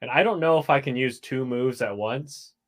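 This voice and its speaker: A man's voice: medium pitch, normal speed. A man playing a tabletop role-playing game, chatting casually and laughing as he describes his character's moves. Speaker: player.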